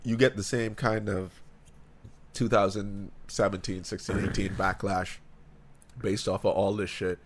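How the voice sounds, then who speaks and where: A man's voice: lowish voice, little pitch movement, unhurried, a little hiss or hum. A man from the Bahamas, co-hosting a casual chat, blunt and profane in argument.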